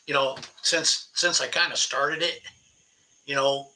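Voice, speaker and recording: A man's voice: mid-range voice, a little slow, low-quality recording. A man in his sixties, a guest on a podcast, telling stories in a spirited, emphatic way. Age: 60s. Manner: animated storyteller, spirited and emphatic. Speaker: podcast guest, veteran angler. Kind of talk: casual storytelling interview.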